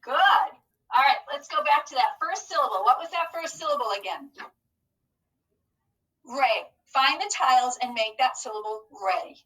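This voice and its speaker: Slow, bright-voiced woman teaching phonics. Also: sits high, distant mic, poor audio. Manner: slow, clearly enunciated, encouraging teacher talk. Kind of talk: phonics lesson for young children.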